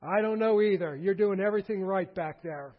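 A man's voice: sits high, a little fast, phone-quality sound. A man preaching a sermon, emphatic and repeating key phrases with rising force. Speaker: pastor.

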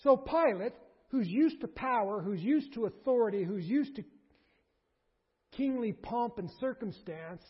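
A man preaching a sermon in an animated way, surging to emphatic bursts and dropping low, recorded in a large hall. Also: normal speed, slightly rough. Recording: dull lo-fi recording in a reverberant hall.

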